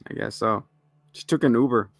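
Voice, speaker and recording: A man's voice: medium pitch, brisk. A man co-hosting a casual movie review, retelling scenes with quoted lines and frequent laughs. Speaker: co-host.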